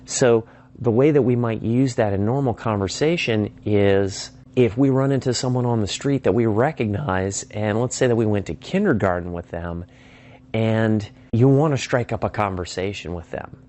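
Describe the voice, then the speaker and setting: Lower-voiced man teaching sales technique. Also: normal speed, dark tone. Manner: acts out sample phone calls in varied voices; explanatory, conversational teaching. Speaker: sales trainer. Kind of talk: instructional talk.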